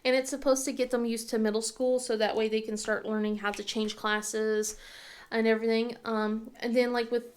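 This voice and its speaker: A woman in her thirties chatting casually as a crafting channel host, rambling and halting with lots of fillers and restarts. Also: a little high, little pitch movement. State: tearful at times. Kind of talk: casual chat.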